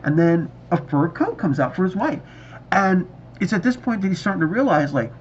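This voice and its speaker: Excitable man with lively pitch. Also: moderate pace, highs cut off, a little hiss or hum. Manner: enthusiastic, rambling, excitable. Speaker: movie reviewer. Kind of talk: casual video review.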